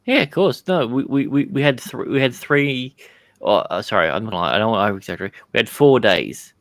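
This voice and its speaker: A man's voice: mid-range voice, expressive, brisk, dry recording. A man chatting as a guest on a live stream, friendly and careful to correct himself. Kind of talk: casual chat.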